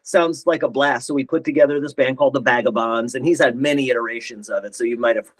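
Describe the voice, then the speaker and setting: A man's voice: mid-range voice, fast, poor audio. A middle-aged man, a guitarist, telling band stories in a casual interview, rambling and acting out quotes. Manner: rambling anecdotes, acts out quotes. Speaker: guest guitarist.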